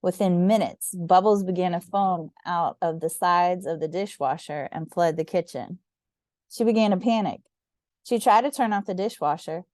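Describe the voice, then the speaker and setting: A woman reading a children's storybook aloud with gentle, expressive narration. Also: on the low side, normal speed, no room sound, clean studio sound. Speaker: storybook reader.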